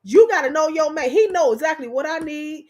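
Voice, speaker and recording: A woman's voice: high-pitched, brisk. A woman hosting a livestream, chatting casually and playfully with her viewers and laughing often. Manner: animated, laughing, talks straight to viewers. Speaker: live stream host.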